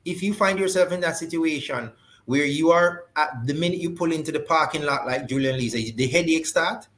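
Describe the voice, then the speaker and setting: A man hosting a talk show with a somewhat high voice. He stresses his points by repeating phrases in an emphatic, preacher-like way. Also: a little fast, a bit bright.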